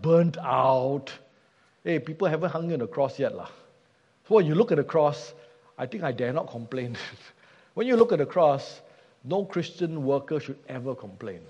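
A man's voice: mid-range voice, a little mellow, breathy edge. A man preaching a sermon, earnest and emphatic, asking rhetorical questions. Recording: dull sound with long hall reverb.

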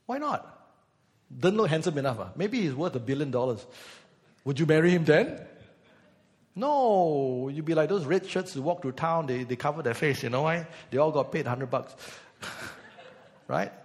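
A man's voice: a little high, expressive, moderate pace, pauses often, a little mellow, in a large hall. A male pastor giving a conversational sermon, teasing the congregation and breaking into bits of song. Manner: conversational, teasing the congregation, sings snatches of songs.

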